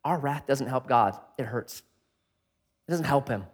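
A man preaching a sermon, switching between loud, emphatic passages and hushed ones. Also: medium pitch, measured pace, breathy edge. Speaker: pastor. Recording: long hall reverb.

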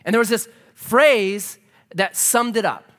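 A man preaching a sermon as pastor, earnest and emphatic, dropping to a soft hush as he prays. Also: high-pitched, unhurried. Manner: drops to a soft hush for prayer.

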